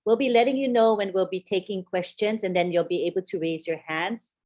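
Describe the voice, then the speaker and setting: A woman's voice: mid-range voice, brisk, darkish tone. A woman hosts a webinar. She thanks the last speaker in a grateful, plain-spoken way. Then she makes announcements about what comes next. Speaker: webinar host. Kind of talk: hosting announcements.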